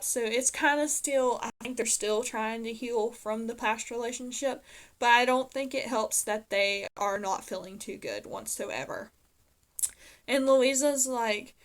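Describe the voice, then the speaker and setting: A woman's voice: on the high side, fairly bright tone. A woman casually recapping a TV episode, retelling scenes and quoting the characters with frequent fillers and self-corrections. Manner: chatty retelling, quoting characters with lots of "and she's like". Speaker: TV episode reviewer.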